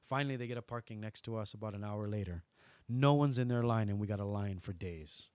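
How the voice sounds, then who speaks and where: A man with a Hawaiian accent, a guest in an interview, who tells stories animatedly and swings from loud bursts to soft asides. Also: lowish voice, a little fast, no room sound. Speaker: guest entertainer. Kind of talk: storytelling interview.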